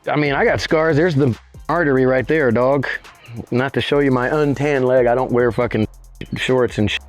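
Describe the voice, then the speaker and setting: A middle-aged man telling a story in casual interview chat, animated and profane, his voice jumping up high when he acts out scenes. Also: moderate pace, soft background music. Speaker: interview guest.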